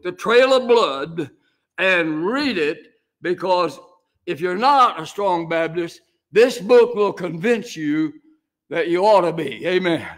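Older male pastor, high-pitched, unhurried, homey preaching style with drawn-out emphatic lines. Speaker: senior pastor. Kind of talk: sermon.

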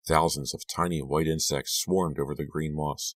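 A man narrating a scary audiobook in a measured, hushed storytelling manner, lifting his voice for the dialogue. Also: rumbling low, fairly even intonation, dry recording. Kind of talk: scripted narration.

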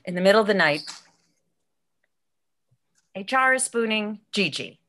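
A woman performing a solo comedy piece, narrating her own story with animated delivery. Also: medium pitch, measured pace. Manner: animated, swinging from storytelling to shouting.

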